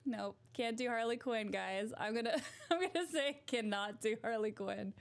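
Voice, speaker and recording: Giggly woman with a gravelly voice. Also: a little high, moderate pace. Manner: giggly and self-mocking. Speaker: vlogger. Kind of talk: casual chat to camera.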